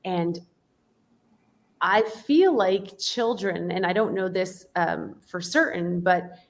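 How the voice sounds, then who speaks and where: A woman's voice: fairly low pitch, slow. A woman hosting an interview, telling personal stories in an earnest, conversational way. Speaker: podcast host.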